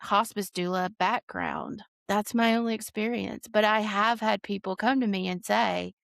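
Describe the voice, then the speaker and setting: A woman's voice: medium pitch, fairly even intonation, moderate pace, creaky, a bit bright, no room sound, studio quality. A woman hosting a conversational interview, who speaks in an earnest, reflective way and often rephrases mid-sentence. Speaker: podcast host and hospice doula.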